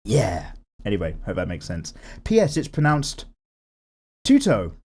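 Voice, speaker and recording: Young dude drawing and rambling, voice jumps around a lot, casual cussing. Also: male voice, lowish voice, a little fast. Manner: animated, swears casually, self-deprecating. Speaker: art vlogger. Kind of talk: casual chat while drawing.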